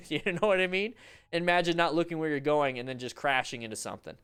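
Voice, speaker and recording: A man coaching motorcycle riders over a livestream, commenting on riding videos in an animated, joking, rambling way with restarts. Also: a little high, fairly quick, clean tone.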